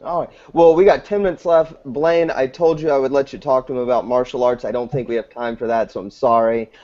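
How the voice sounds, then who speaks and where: Man, interview host, relaxed, conversational, mid pitch, lo-fi sound. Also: a little fast. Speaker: show host. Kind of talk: interview hosting. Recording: dull lo-fi audio.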